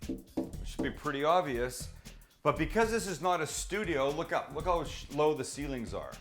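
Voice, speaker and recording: The host, a middle-aged man, sounds slightly high and expressive, moving at a moderate pace over music. His casual cooking demonstration from a low-ceilinged home kitchen is chatty and teasing, and he answers his own questions; the handheld mic is now and then held close.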